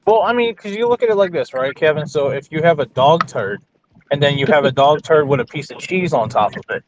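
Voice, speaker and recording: A man hosting a casual live stream chat, animated and swearing freely. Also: fairly high pitch, brisk. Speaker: live stream host, delivery driver. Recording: lo-fi with some noise.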